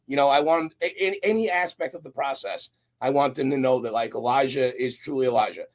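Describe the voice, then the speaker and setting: A man's voice: medium pitch, fast, few pauses. A young man, a guest on a podcast, chatting casually with lots of slang and storytelling. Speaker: guest, roofing company recruiter.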